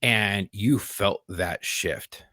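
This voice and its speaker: A man's voice: lowish voice, extremely slow, sharp tone, no room sound. Profane laid-back man from California. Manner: laid-back, profane, says "dude" a lot. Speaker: podcast host, Marine veteran. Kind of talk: casual chat. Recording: dry close-miked sound.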